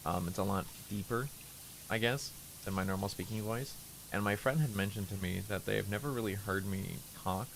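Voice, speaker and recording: A man chatting on a stream in a relaxed, unhurried way, rambling and restarting his sentences as he thinks aloud. His voice sits fairly low with a gravelly edge, and faint noise sits under it. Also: poor audio. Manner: relaxed, low-effort speaking. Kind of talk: casual chat while playing a game.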